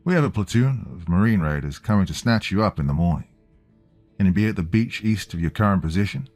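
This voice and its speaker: A man voicing a cheerful radio operator with an Australian accent, brisk and official. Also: sits low, lively intonation, darkish tone, faint music behind. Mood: businesslike.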